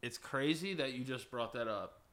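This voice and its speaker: A man's voice: medium pitch, moderate pace, fairly bright tone. A man in his thirties co-hosting a comedy podcast, riffing with crude, rambling, playful banter. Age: 30s. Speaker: podcast co-host.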